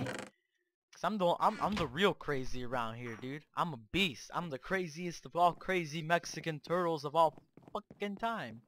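Male gaming host, high and sharp-toned, cocky and excitable trash-talk over gameplay, cheap mic. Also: a little slow, slight background noise. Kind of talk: Minecraft gameplay commentary. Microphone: cheap microphone.

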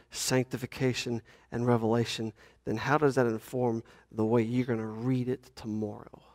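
A male pastor, preaching and reading scripture in a folksy, joking way. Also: mid-range voice. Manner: folksy, says y'all, jokes with the congregation.

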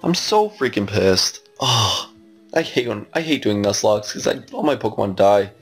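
A man's voice: lowish voice, big pitch swings, moderate pace, slightly rough, faint music behind. Exasperated young man narrating his gameplay. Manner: exasperated, exclaiming, rambling. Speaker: gaming YouTuber. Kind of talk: casual let's-play commentary.

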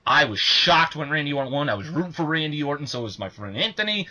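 Bright-sounding young guy cohosting a podcast, gets loud and cusses a lot. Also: on the high side, quick pace. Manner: excitable, swears a lot, shouts when worked up. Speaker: podcast co-host. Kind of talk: casual podcast chat.

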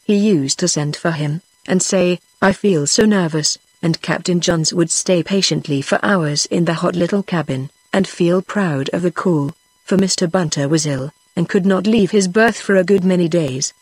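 A synthetic woman's voice with a British English accent narrating an audiobook in steady, evenly paced text-to-speech reading. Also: on the low side, normal speed, hardly any pauses, breathy edge, no room sound. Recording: dry synthetic studio voice.

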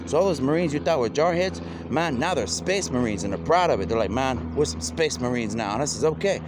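Fast-talking man rambling outdoors. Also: medium pitch, expressive, background noise. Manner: free-associating, wordplay-heavy, keeps saying "man". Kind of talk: rambling monologue.

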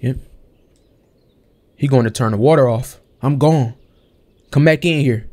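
A man's voice: mid-range voice, a little slow, darkish tone. A young man giving casual, slangy play-by-play of a video game, talking to the characters on screen. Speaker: gameplay streamer. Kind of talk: casual let's-play commentary.

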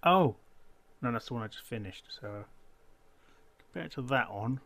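A man's voice: medium pitch, expressive, normal speed, creaky, a bit bright. A man giving casual gameplay commentary as a channel host, muttering to himself and counting blocks under his breath.

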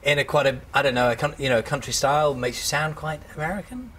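A man's voice: on the high side, fast, fairly bright tone, a little hiss or hum. A man presenting breakfast television, searching for words and rephrasing his questions in a studio. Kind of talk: breakfast TV interview.

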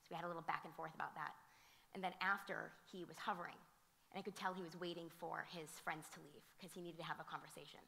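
A woman who teaches and directs theater, speaking on a panel and telling animated stories full of fillers and restarts. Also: sits low, quick pace, creaky. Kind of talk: conversational storytelling at a conference. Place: museum auditorium. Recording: reverberant hall sound.

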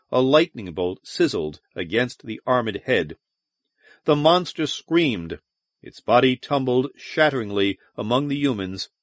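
A man narrating a science fiction audiobook in a measured, dramatic manner. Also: medium pitch, no echo, studio quality. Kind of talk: scripted narration.

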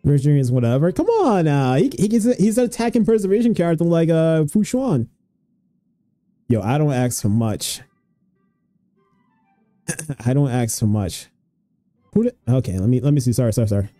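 Excitable young man with a lively voice. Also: a little high, moderate pace, long pauses, dry recording, faint music behind. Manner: excitable, swearing, pleading and groaning at each pull. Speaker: streamer. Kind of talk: gacha pull reaction stream.

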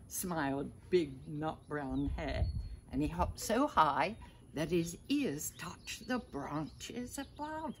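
An older woman, a grandmother, reading a picture book aloud to children in a gentle way, pausing to ask them little questions. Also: deep voice, lively intonation, slight background noise. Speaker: storyteller grandmother.

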